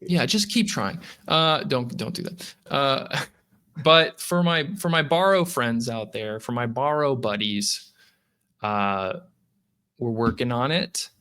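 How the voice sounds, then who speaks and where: A man's voice: medium pitch, slow, smooth. A man guesting on a casual crypto podcast, talking animatedly and acting out what users say. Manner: animated, acts out users' voices. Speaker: guest from a lending app.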